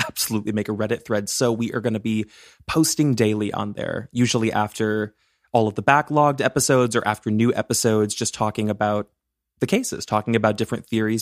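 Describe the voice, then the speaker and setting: A man's voice: on the low side, fairly even intonation, brisk, no echo, clean studio sound. A man co-hosting a true-crime podcast, chatty and playful, laughing often. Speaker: podcast co-host.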